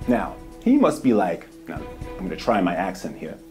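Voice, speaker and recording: A man anchoring a satirical news show, ranting bluntly and sarcastically with a voice that leaps up and down in pitch. Faint music sits under his talk. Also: huge pitch swings, moderate pace, a little mellow.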